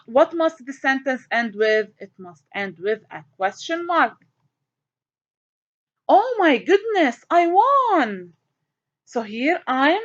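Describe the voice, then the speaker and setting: Woman teacher going over punctuation, high voice, muffled lo-fi audio. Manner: animated, asks and answers her own questions. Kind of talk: grammar lesson walkthrough. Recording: dull lo-fi recording.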